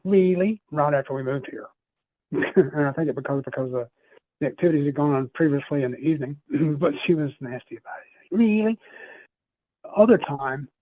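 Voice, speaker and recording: A man's voice: a little high, no room sound. A middle-aged man, a podcast guest, telling a personal story in an earnest, rambling way, often restarting his phrases. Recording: tinny phone-line sound.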